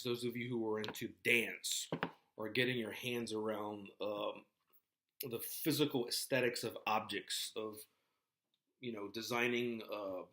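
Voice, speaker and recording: A man's voice: lowish voice, fairly bright tone. A man giving a casual talk to a class, rambling with many fillers and restarts. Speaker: lecturer. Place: classroom with a board.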